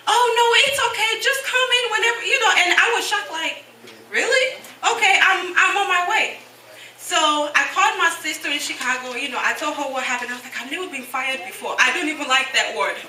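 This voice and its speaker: Young woman, high and very bright, telling a chatty church testimony; acts out others' lines; distant mic in an echoey hall. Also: a little hiss or hum. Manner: chatty, acts out the voices of others in her story. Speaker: church member giving testimony. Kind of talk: personal testimony.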